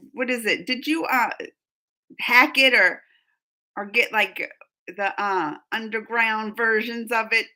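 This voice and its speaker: Bright-voiced woman chatting on a livestream. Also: fairly high pitch. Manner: chatty, rambling, laughs often. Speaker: livestream host reading chat. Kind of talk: casual live chat.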